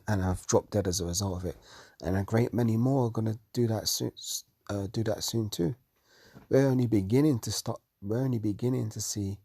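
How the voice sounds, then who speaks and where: A tired man teaching from the Bible late at night, reading verses aloud and commenting on them slowly. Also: lowish voice, a little mellow, breathy edge, no echo, clean studio sound. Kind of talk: scripture study talk.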